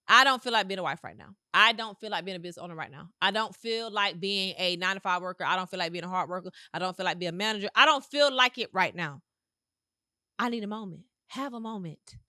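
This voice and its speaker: A woman's voice: medium pitch, pushed and bright, no room sound, studio quality. A woman hosting a podcast in a motivational monologue, with emphatic, repetitive, slangy delivery. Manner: casual slangy phrasing. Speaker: podcast host.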